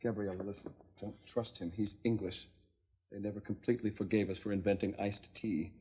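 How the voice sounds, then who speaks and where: A man's voice: fairly low pitch, fairly even intonation, fairly quick, natural voice. An actor playing a wild, impulsive, wisecracking man in a 1990s sitcom. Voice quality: manic, jokey. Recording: loud hiss, studio audience laughter.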